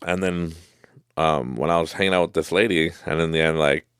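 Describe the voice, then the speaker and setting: A man's voice: very deep voice, fairly even intonation, brisk, a bit bright, clear, resonant tone, dry recording, clean studio sound. A man hosting a podcast, telling motivational stories in a rambling, casual way with many fillers and asides. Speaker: podcast host.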